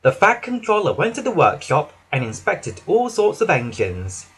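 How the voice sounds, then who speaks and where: A man narrating a children's storybook with an animated, expressive reading. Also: fairly high pitch, normal speed, husky.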